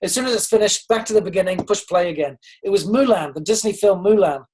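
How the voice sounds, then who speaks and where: A man's voice: high voice, quick pace, darkish tone, slightly rough, poor audio. Guy coaching his team on a call, earnest and upbeat, keeps asking questions, lots of ums. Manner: earnest and encouraging, with frequent ums and restarts; asks listeners direct questions. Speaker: leadership coach. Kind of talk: motivational talk on a group call.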